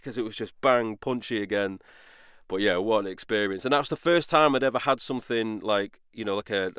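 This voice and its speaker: Low-voiced man telling a story. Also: a bit bright, no echo, clean studio sound. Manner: candid, storytelling, self-deprecating. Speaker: podcast co-host, voice actor. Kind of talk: casual chat, personal anecdote.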